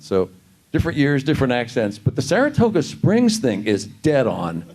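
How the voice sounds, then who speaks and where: A man on a convention panel telling anecdotes in an animated way, often exclaiming in disbelief. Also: mid-range voice, normal speed.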